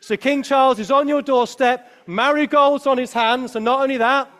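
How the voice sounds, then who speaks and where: A man giving a lively children's talk at a Christmas service, asking the children questions as he preaches. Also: extremely high pitch, normal speed.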